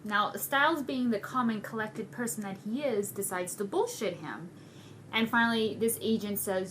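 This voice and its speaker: A young woman talks through a TV episode in a loose, gushing recap. She is excitable and swears freely, with a faint hiss of noise behind her. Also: medium pitch, normal speed. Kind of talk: casual recap vlog.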